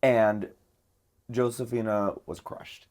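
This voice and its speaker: A man's voice: fairly low pitch, steady tone, takes it slowly, darkish tone. A man hosting a podcast, telling a story in casual chat and filling it with lots of filler words. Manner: chatty, many filler words. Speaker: podcast host.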